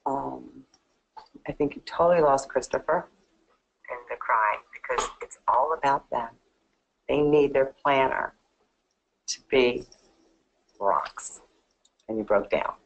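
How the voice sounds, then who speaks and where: A woman interviewer asking direct, probing questions in a very low voice. The dull TV audio carries faint noise. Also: slow pace, gravelly, long pauses. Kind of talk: job interview.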